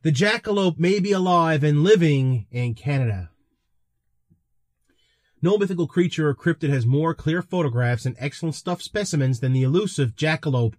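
Sex: man. Role: podcast host. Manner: chatty, amused. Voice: a bit higher than usual. Sound: dry. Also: a little mellow, no room sound. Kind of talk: casual commentary and reading.

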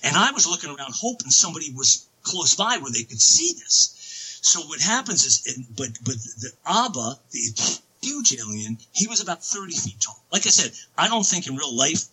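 Man, excitable storyteller, rambling, very bright edgy tone, husky. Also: fairly high pitch, normal speed, low-quality recording. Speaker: interview guest. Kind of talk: casual storytelling on a podcast.

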